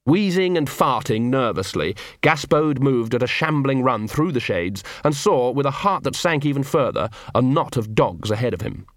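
A man's voice: mid-range voice, animated, normal speed, few pauses, no echo. A man narrating an audiobook in a dry, wry storytelling manner.

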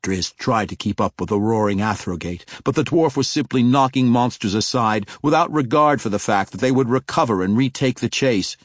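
A man narrating a fantasy audiobook in a measured, steady reading, recorded in a studio booth. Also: medium pitch, no echo.

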